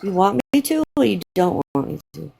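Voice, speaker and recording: A woman's voice: medium pitch, very animated, brisk, gravelly, background noise. A woman chatting casually on a livestream, playful and teasing. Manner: playful, teasing, drifts into singing. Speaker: livestream co-host.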